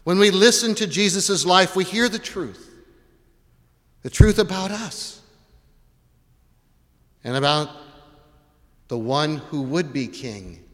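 Bright-voiced male pastor preaching. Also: fairly high pitch, in a large hall. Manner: asks the congregation repeated questions. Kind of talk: sermon. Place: church.

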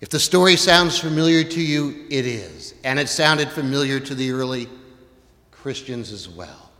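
A man preaching a sermon, retelling a story with animated, dramatic delivery. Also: mid-range voice. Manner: animated storytelling, acts out voices, rises to shouts. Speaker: pastor. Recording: long reverb in a large hall.

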